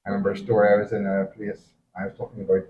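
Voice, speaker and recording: A man's voice: on the low side, completely flat delivery, rapid-fire, narrow, tinny audio. A man with a Northern Irish accent chatting casually in a group and telling anecdotes. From Northern Ireland. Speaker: podcast panelist. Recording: roomy with faint noise.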